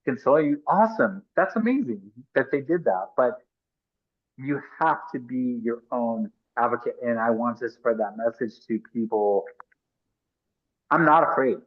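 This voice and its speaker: A man's voice: medium pitch, animated. Middle-aged guy on a podcast, earnest and emphatic, keeps restarting his sentences, audio a bit muffled. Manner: earnest, emphatic, talks in rapid restarts and asides. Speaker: podcast guest. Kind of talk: conversational interview storytelling.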